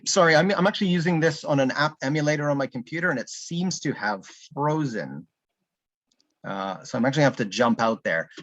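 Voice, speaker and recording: A man's voice: mid-range voice, a bit bright, no echo, muffled recording. A man giving a casual online presentation of a learning app, thinking aloud with frequent ums and restarts. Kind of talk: live online conference presentation.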